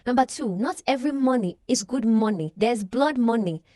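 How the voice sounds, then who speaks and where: Young woman, casual movie recap, animated storytelling, slightly high voice, dry close sound. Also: normal speed, dry recording. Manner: animated storyteller, acting out characters' lines. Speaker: movie reaction vlogger.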